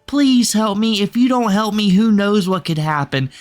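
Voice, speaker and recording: A man's voice: sits high, expressive, moderate pace, pitched above the performer's own voice. A man putting on the voice of a petulant young man who whines and makes demands. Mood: whiny.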